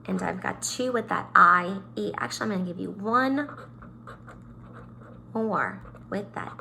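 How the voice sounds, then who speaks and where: A woman teacher walks young children through a phonics lesson at an unhurried pace. Her voice is bright and clear, and she stretches and stresses each sound in a sing-song way. Faint room noise sits behind her. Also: on the low side.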